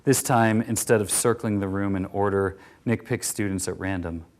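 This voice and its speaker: A man reading a first-person story, low voice. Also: fairly even intonation, moderate pace, darkish tone. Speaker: narrator.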